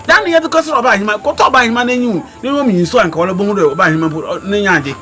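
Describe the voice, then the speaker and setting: An actor playing a greedy Ghanaian father, excitable and fawning at the talk of dollars. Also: sits high, racing, soft background music. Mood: scheming.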